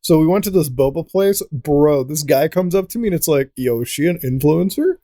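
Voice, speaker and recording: A man's voice: a little high, expressive, fairly quick, mellow. A man appearing as a podcast guest in casual chat, laid-back and profane as he tells stories.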